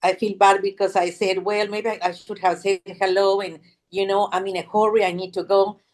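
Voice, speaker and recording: A woman in casual chat, soft, reflective and a little hesitant. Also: mid-range voice, flat delivery, normal speed.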